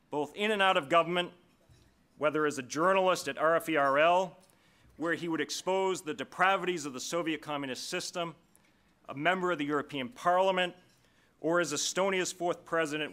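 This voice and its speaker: At a formal dinner in a large banquet hall, a man gives a prepared, measured speech introducing the evening's keynote speaker. His voice is bright and a little high, and he slows down to stress key phrases.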